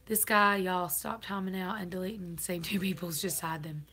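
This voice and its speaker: Woman, casual live-stream chat, bright voice, laughs often. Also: fairly low pitch, fairly even intonation, normal speed. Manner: chatty, laughs often, Southern turns of phrase.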